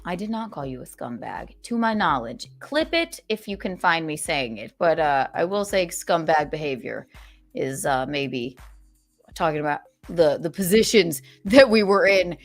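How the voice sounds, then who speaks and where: Sarcastic, animated woman host on a livestream. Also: normal speed, soft background music. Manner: sarcastic, animated, swears freely, swings from loud outbursts to low mutters. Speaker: streamer and podcast host. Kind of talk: casual livestream chat, reading super chats.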